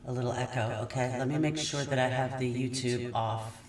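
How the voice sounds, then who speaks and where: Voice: mid-range voice, steady tone, fairly quick. A true crime channel host in casual livestream chat, friendly and apologetic, often checking whether the audio sounds right. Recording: echoey room audio, distant mic, faint noise.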